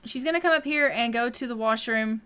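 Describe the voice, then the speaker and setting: Chatty woman streamer playing a life sim game, high bright voice, playful and rambling. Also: a little fast, clear, resonant tone. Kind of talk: casual gameplay commentary.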